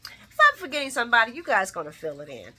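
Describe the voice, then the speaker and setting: A woman hosting a casual soap opera recap, chatty and expressive, laughing as she talks and tossing slangy asides to her viewers. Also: fairly high pitch, fast, slight background noise. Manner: laughs often while talking.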